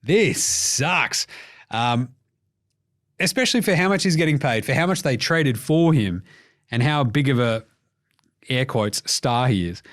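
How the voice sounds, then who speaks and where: A man with an Australian accent hosting a casual sports podcast, jokey and animated, swearing freely. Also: mid-range voice, normal speed, pauses often. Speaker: podcast host.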